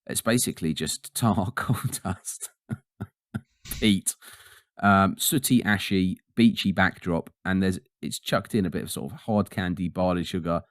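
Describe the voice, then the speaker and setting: A man co-hosting a podcast in casual chat, animated and ranting, often laughing. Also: low voice, a little slow, no echo, clean studio sound. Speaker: podcast co-host.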